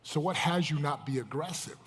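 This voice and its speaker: A man's voice: on the high side, expressive, fairly quick, husky. A man giving a motivational seminar talk, putting emphatic questions straight to a live audience. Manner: emphatic, questions the crowd directly. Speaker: motivational speaker. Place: large event hall with live audience. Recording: echoey hall, live event.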